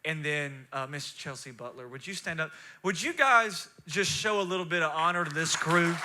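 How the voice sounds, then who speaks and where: A male pastor preaching a sermon in a church, emotional and swinging from soft, confiding talk to shouted fervor. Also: a little high, lively intonation, normal speed, a crowd in the background, noisy background. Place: church sanctuary.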